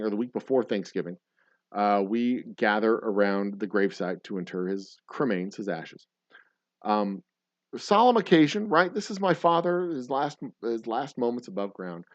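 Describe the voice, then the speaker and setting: Low-voiced man telling a rambling story. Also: a little mellow, dry recording. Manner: rambling, profane storytelling with restarts. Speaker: host. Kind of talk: casual chat. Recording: slightly dull lo-fi audio.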